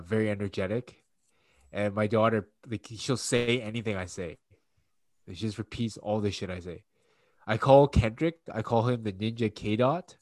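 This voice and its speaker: Profane, rambling dad telling a story. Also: male voice, on the low side, no room sound. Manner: loose, profane storytelling with many fillers. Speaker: podcast co-host and father. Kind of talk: casual chat.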